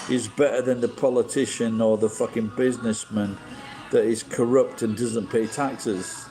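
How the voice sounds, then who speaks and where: A man's voice: medium pitch, low-quality recording. A middle-aged man from England, hosting a rambling, casual livestream chat and swearing bluntly as he shares strong opinions. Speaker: livestream host.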